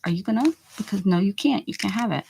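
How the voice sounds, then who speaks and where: During a casual live stream, a woman works on an art journal page and chats playfully with her viewers, exclaiming, joking, and answering the chat as she crafts. Her medium-pitched voice is expressive, quick, creaky, and somewhat dark, with slight background noise.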